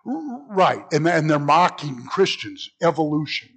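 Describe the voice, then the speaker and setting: A man's voice: on the high side, very animated, a little slow, a bit bright. A man teaching an informal Bible class, chatty and self-mocking, who laughs at his own jokes and reads scripture aloud.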